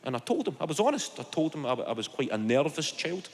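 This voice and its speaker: This stand-up comedian, a Scot from Glasgow in his thirties, has a slightly high, gravelly voice and is very animated. Performing a sweary routine in a theatre, he tells stories punctuated by quick asides as laughter booms through the echoey hall.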